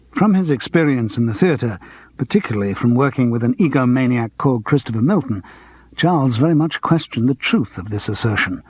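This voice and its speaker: Husky man narrating with lively expression. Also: mid-range voice, fairly quick, dry recording. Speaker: audiobook narrator. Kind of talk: scripted narration.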